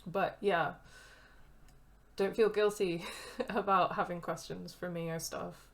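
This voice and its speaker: Low-voiced woman chatting thru a game stream, reading text out loud with tangents. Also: steady tone, takes it slowly. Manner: chatty, reads game text aloud with asides. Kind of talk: casual let's-play commentary.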